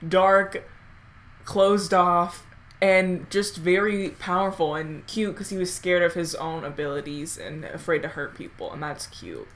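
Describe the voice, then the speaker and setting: A woman doing casual reaction commentary on a movie, gushing, laughing and swearing excitedly. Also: on the low side, measured pace, slight background noise.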